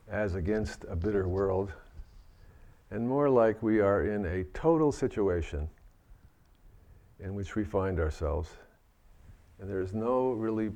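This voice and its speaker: A man giving a Buddhist dharma talk, gentle and reflective, often restarting his sentences. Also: lowish voice. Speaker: Buddhist teacher.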